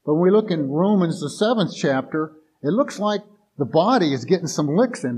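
A man's voice: fairly high pitch, darkish tone, slightly rough. A male pastor preaching a sermon in a folksy, conversational way, often restarting sentences and acting out everyday voices in quoted asides.

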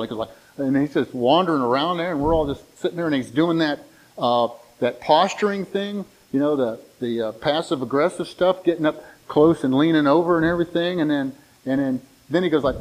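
An older man preaching a sermon in a conversational way, retelling stories with lively restarts. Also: a little high, fairly quick, rough recording.

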